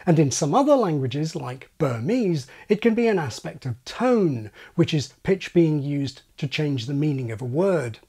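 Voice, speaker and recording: A man narrating a scripted video essay in a wry, explanatory way, with a husky voice. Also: a little high, very animated, a little slow, hardly any pauses, warm tone.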